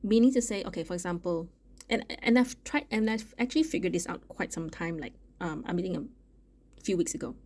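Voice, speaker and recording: A woman giving a casual tarot reading, chatty and thinking aloud, often pausing on "okay" and restarting her sentences. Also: lowish voice, darkish tone. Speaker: tarot reader.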